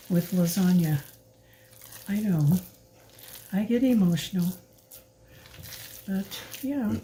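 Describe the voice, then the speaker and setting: Older woman, warm low-key voice, slow and rambling, showing a recipe in her kitchen. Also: expressive, a little hiss or hum, low-quality recording. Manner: chatty, rambling, with fillers and asides. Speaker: home cook filming a recipe video. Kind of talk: casual cooking demonstration. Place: home kitchen.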